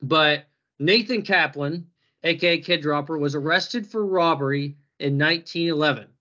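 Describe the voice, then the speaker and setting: Guy hosting a podcast, bright voice, jokey, kinda lo-fi sound. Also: a little high, normal speed. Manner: laughs often, joking and teasing. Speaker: podcast host. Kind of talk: casual chat.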